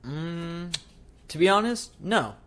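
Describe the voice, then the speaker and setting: Animated male podcast co-host. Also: on the high side, slow, a little hiss or hum. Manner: animated retelling, acts out movie lines. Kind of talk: casual chat.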